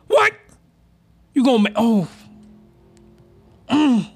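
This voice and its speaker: A man with a high-pitched voice reacts to an anime episode with excitable, crude commentary. He breaks into shouting outbursts that crack his voice, then drops back to disbelieving mutters. He is recorded close on a desk mic. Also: measured pace, faint music behind.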